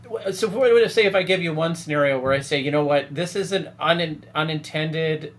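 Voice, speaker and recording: A man interviewing on a live discussion, asking his questions in a hesitant, halting way. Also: a little high, fairly bright tone.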